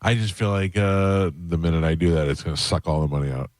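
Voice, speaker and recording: A man's voice: low-pitched, a little fast. A man hosting a radio show, chatting casually with short, easygoing remarks. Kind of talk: casual chat. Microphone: studio mic.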